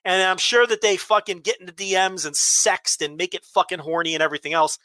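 Bright-voiced, profane ranting male podcaster. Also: sits high, fairly even intonation, brisk, no room sound. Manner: blunt, profane, exasperated ranting. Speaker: podcast host. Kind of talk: casual chat, ranting.

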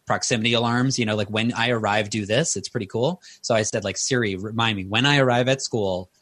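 A man's voice: on the low side, fairly even intonation, brisk, fairly bright tone. A man in his thirties, a guest author in an interview, telling personal stories in an earnest, conversational way.

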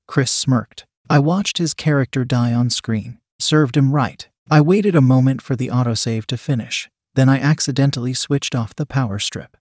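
A man narrating a first-person story as a scripted reading, in an even, steady manner. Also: medium pitch, normal speed, few pauses, dry recording, studio quality.

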